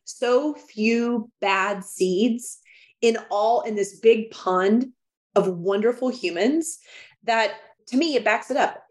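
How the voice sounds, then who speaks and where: A woman speaking as a guest on a business podcast, talking in an emphatic, expressive way with frequent restarts and laughs. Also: mid-range voice. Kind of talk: casual interview chat.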